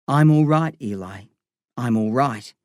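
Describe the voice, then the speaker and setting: A wheezing, drunken father on a gurney, put on by a male reader, gasping between words with a rough tenderness. His voice sits a little high and close, recorded dry with no room around it. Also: unhurried, mellow, dry recording. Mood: tender.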